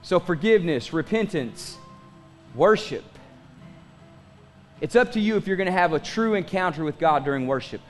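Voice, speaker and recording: A pastor in his forties preaching a sermon in a conversational style, asking the congregation questions and making asides. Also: high voice. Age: 40s.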